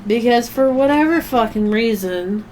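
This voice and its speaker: Woman, streamer, casual gaming chat, rambling, swears a lot, fairly high pitch. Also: lively intonation, moderate pace, darkish tone, faint music behind.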